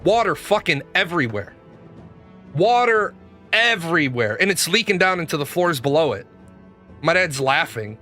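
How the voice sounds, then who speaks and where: A man's voice: a little high, sing-song, moderate pace, pushed and bright, soft background music. A man hosting a gaming show, telling stories in a casual, blunt and profane way, rambling as he goes. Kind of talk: casual livestream storytelling.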